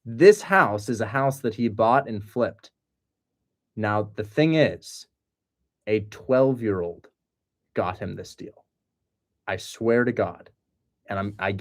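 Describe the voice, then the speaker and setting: A young man hosting a casual livestream, excitable and joking. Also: lowish voice. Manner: excitable and joking, breaks into loud mock accents. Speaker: host of a livestream on real estate wholesaling.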